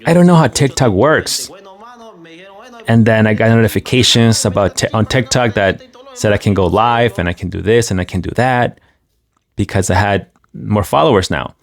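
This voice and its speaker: A man's voice: lowish voice, moderate pace. A man giving casual video commentary. He retells a story in the first person and breaks off for asides to the viewers. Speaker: commentator relaying a migrant's story.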